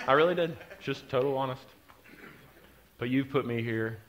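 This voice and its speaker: A middle-aged man, preaching a sermon and telling a story, moving from quiet, confiding asides to loud, driving emphasis. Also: mid-range voice, a little fast, a little hiss or hum. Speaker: pastor.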